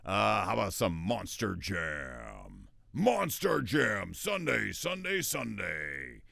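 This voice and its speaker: A man putting on a loud, hyped announcer voice for a monster-truck ad. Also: on the low side, huge pitch swings, takes it slowly, vocal fry, dry recording, clean studio sound, heavily acted.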